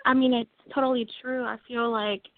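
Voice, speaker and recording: A woman's voice: fairly high pitch, level tone, a little fast, no echo. A woman from Washington State calling into a radio show, speaking hesitantly with many fillers. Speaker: caller. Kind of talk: phone-in conversation. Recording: dry phone-line sound.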